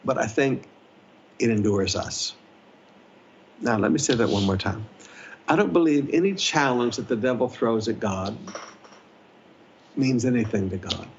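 A man preaching a sermon as pastor, repeating key phrases with emphasis and swinging his pitch up and down. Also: expressive, measured pace, pauses often, dull audio, a little hiss or hum.

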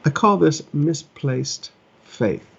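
A man's voice: fairly high pitch, very animated, slow pace, vocal fry, breathy edge, dull audio. A middle-aged male pastor preaching earnestly in a conversational way, pressing points with repetition. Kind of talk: preaching a sermon from home.

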